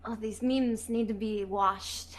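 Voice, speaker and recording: A woman's voice: fairly high pitch, steady tone, takes it slowly. A woman chatting casually as a stream guest, blunt and teasing.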